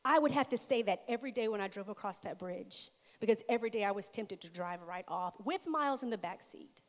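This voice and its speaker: A woman's voice: mid-range voice, darkish tone. A middle-aged woman giving an earnest, emphatic sermon-style testimony, repeating her key phrases. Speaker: speaker at a church. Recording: long hall reverb.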